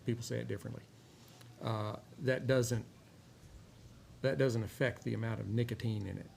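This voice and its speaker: A man from Texas with a drawl, hosting a cigar review show and chatting in a rambling, relaxed way with many filler words. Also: medium pitch, normal speed, creaky. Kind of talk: casual chat while smoking a cigar. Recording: faint background noise.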